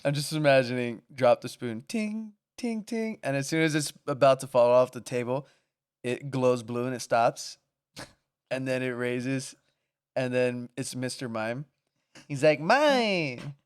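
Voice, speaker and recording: A man's voice: mid-range voice, level tone, normal speed, smooth. A man co-hosting a podcast, chatting casually, laughing often and swearing while he jokes. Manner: laughs often, joking and profane. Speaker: podcast co-host. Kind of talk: casual chat.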